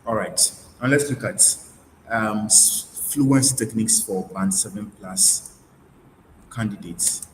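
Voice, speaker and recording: A man with a fairly low voice gives a webinar lesson. He restates each point and often stops to restart with fillers. The room sounds roomy, with a faint hiss behind him. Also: takes it slowly. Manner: repeats key points, frequent fillers and restarts. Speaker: IELTS tutor. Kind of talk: webinar lecture.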